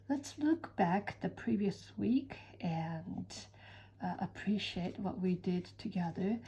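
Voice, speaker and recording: A woman giving a calm step-by-step drawing tutorial, soft-spoken and often dropping to a near whisper. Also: mid-range voice, gravelly, slightly rough, low-quality recording. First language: Japanese. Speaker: certified drawing-art teacher.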